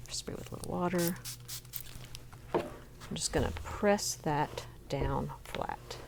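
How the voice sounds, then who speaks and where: A woman's voice: low-pitched, slow pace, creaky, very noisy. A middle-aged woman hosting a sewing tutorial, chatty and encouraging as she demonstrates each step at her machine. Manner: chatty and encouraging, talks while working.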